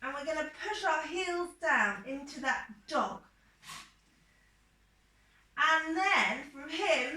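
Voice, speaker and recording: A woman with an English accent, a primary school teacher, gently guiding children through a yoga lesson with slow, step-by-step instructions. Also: high-pitched, lively intonation. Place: indoor room. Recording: roomy, distant mic, faint noise.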